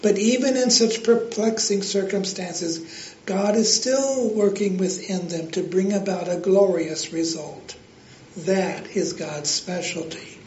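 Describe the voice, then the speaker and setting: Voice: mid-range voice, slow pace, a little mellow, a little hiss or hum. An earnest preacher giving a devotional talk, telling a joke and then exhorting listeners to praise God, in a roomy, dull recording.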